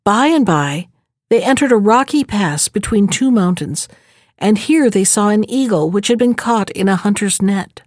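A woman reading a fairy tale aloud in measured, even narration. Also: mid-range voice, dry recording, studio quality. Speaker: storyteller.

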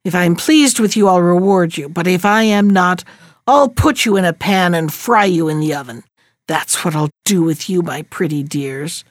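A woman's voice: fairly low pitch, moderate pace, no room sound, clean studio sound, natural voice. A woman voicing a cruel old witch from a storybook, who snarls and growls her threats. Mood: menacing. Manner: growling, menacing.

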